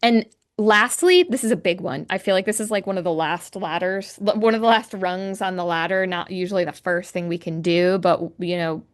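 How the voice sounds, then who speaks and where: A woman hosting an educational podcast as a creative arts therapist, explaining ideas step by step in an earnest way and often restarting or correcting herself as she thinks aloud. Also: on the low side. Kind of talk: solo educational podcast talk.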